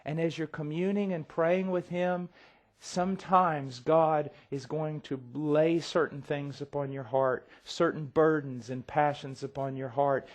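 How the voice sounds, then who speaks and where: Man, middle-aged, sermon, fairly high voice, intense, loud and soft by turns. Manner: swings from quiet intensity to near-shouting; acts out quoted voices. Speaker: preacher.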